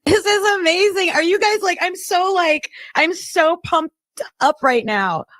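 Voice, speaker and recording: A woman's voice: very high-pitched, sing-song, takes it slowly, fairly bright tone, dry recording. A woman hosting a live stream, exclaiming and reading breaking news aloud to her viewers. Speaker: livestream host. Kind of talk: excited live-stream chat.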